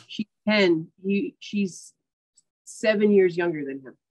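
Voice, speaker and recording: Slow, hesitant woman client. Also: mid-range voice, a little mellow, no echo, dull audio. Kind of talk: casual conversation.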